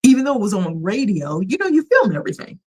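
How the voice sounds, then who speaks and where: A fast-talking, sing-song woman at medium pitch, her tone darkish with a breathy edge, hosts a casual livestream from the United States. Her polished radio voice comes through a rough recording as she chats emphatically, laughs a lot, and reads chat messages aloud.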